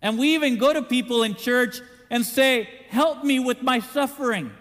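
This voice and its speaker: A man preaching a sermon in an animated way, acting out the voices he quotes. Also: very high-pitched, moderate pace, big-room sound. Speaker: pastor.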